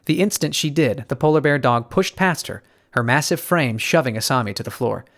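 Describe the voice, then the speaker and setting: A man reading an audiobook in an even storytelling tone with hushed tension. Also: medium pitch, a little fast. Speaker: audiobook narrator. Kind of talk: scripted audiobook narration.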